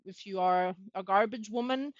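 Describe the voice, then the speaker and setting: A woman's voice: medium pitch, moderate pace, dry recording, highs cut off. A woman guest on a streamed chat, speaking in an emphatic, blunt, outspoken way over a remote call. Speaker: guest, mother.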